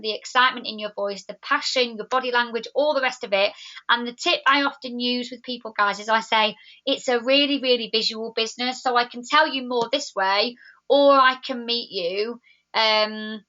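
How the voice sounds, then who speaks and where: A woman's voice: a little high, pushed and bright. A young woman leading a sales team, chatting enthusiastically on a live video while reading viewer comments. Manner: chatty, enthusiastic, laughs easily. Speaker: network marketing team leader. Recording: dull lo-fi sound.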